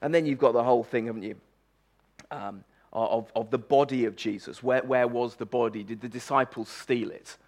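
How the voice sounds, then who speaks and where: A man preaching a conversational sermon, emphatic and animated, often stumbling and repeating words as he goes. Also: mid-range voice, moderate pace. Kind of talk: conversational sermon on a Bible passage.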